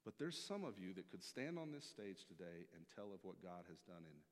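A man preaching a sermon from a church stage, emphatic, swinging from loud to hushed. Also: deep voice, normal speed. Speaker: pastor. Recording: long hall reverb.

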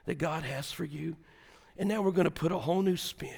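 High-voiced pastor, shouting then hushed. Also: male voice, brisk, gravelly, breathy edge. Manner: animated, swings from shouting to hushed. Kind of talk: sermon with comic storytelling.

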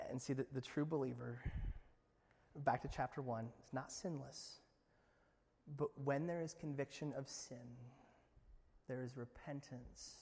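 A man's voice: steady tone, a little slow, gravelly, long pauses, husky. Impassioned preacher man in a reverberant hall. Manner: dramatic swings from booming to hushed. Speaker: pastor. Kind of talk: sermon.

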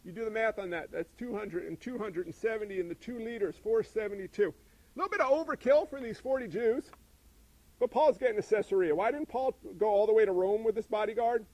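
A man preaching a sermon, animated and asking his listeners questions. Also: high voice, a little fast, no room sound, poor audio. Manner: animated, asks the congregation questions. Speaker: pastor.

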